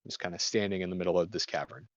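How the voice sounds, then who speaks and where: A man's voice: sits low, rapid-fire, no echo, muffled recording. A man running a tabletop game as game master, hesitant and filling with "kinda" and "uh".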